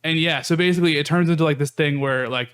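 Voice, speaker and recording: A man's voice: a little high, fast, a bit bright, clean tone. A man co-hosting a podcast, telling a rambling story with many fillers in casual chat. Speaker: podcast co-host.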